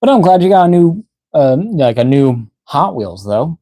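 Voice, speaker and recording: A man's voice: a little high, big pitch swings, normal speed, dark tone, dry recording. A tired man hosting a toy unboxing live stream, rambling casually with lots of fillers and yawns. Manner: rambling, filler-heavy, reads chat aloud. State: tired, yawning, out of breath.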